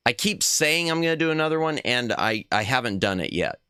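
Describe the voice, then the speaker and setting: Lively, bright-voiced man streaming a game. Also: medium pitch, a little fast, smooth, dry recording, studio quality. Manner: playful, chatty, laughs at himself, reads game text aloud. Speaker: streamer playing a retro game. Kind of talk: casual live-stream gaming chat.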